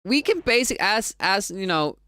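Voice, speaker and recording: Finnish-accented speedrunner streaming, chatty and rambling, laughs a lot, mid-pitched voice. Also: very animated, moderate pace, sharp tone, no room sound. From Finland. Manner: rambling, laughs often, chats with viewers. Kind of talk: casual live-stream chat.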